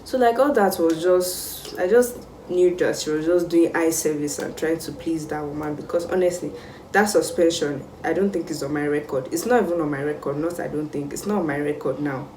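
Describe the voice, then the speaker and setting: A young Nigerian woman telling a casual storytime vlog, animated and exclamatory. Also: deep voice, a little fast, recorded from a distance, a little hiss or hum. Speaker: vlogger. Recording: roomy sound, mic set back.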